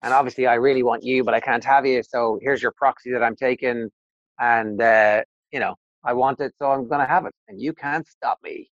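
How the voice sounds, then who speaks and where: Animated man acting out quotes. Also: mid-range voice, brisk, no room sound, dull audio. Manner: animated, acts out quotes in a raised voice, laughs. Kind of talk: casual podcast chat.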